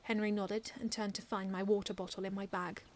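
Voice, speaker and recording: A woman's voice: mid-range voice, a little fast, slight background noise. Woman earnestly reading her own story. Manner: earnest, expressive reading with frequent restarts. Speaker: fan fiction author reading aloud. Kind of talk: first-person story reading.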